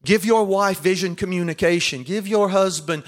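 A man's voice: sits high, normal speed. A man preaching a comic sermon at a marriage seminar, calling for amens and leading prayers. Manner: comic, call-and-response preaching.

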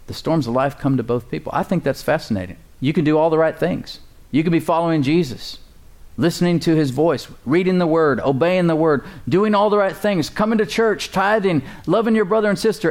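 A man's voice: mid-range voice, darkish tone. A man preaching a sermon as pastor, conversational and joking, building up emphasis in places.

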